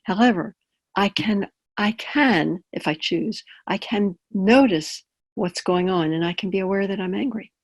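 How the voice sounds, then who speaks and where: A woman chaplain teaching in an easy, conversational tone over a webinar. She draws on personal examples and keeps checking in with quick questions to her audience. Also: mid-range voice. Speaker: palliative care chaplain. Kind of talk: webinar talk.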